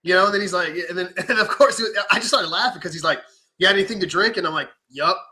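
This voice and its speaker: A man, a knife maker, telling stories in casual podcast chat, animated and swearing freely while acting out what people said. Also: sits high, fast talker, rough recording. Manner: animated storytelling with profanity and acted-out quotes.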